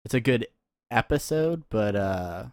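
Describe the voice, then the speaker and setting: Casting: male podcast co-host, lowish voice, hesitant and reflective, dry recording. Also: lively intonation, darkish tone, no echo. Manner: halting, many restarts and fillers, thoughtful. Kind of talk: casual chat.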